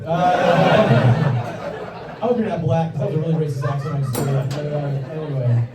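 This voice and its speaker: Recorded from the audience in a roomy club with dull sound, a young comic with a slight Southern accent performs awkward, self-deprecating stand-up into a handheld mic. His animated voice is on the high side at normal speed, far from the mic, with loud music, a noisy crowd and laughter behind him.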